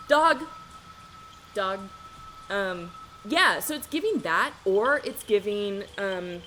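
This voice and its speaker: A woman's voice: fairly low pitch, a bit bright, a little hiss or hum. A woman streaming a video game live, chatting casually and rambling through stories with easy laughs.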